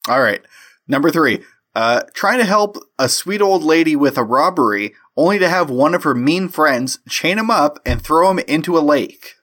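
A man's voice: on the high side, lively intonation, normal speed, fairly bright tone. A man hosting a comedy podcast, joking around and running quiz games in casual chat. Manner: goofy, hosts quiz games. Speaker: podcast host.

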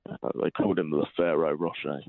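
A teenage boy phoning in jokes in a deadpan, hesitant voice forced very low and gravelly. He talks fast. It comes through a thin, tinny phone line. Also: no echo. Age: teens. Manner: deadpan, hesitant, put-on deep voice. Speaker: caller. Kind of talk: deadpan joke telling.

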